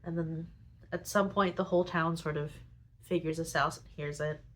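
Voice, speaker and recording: Deep, steady and fairly bright, this podcast host's voice comes through on a rough recording. She breezily recaps story plots, leaning on "like" as filler and veering into frequent quick asides.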